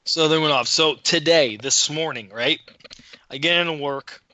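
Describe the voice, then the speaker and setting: A man's voice: a little high, moderate pace, sharp tone, lo-fi sound. A man co-hosting a podcast, telling a story in a casual, profane, worked-up way. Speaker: podcast co-host.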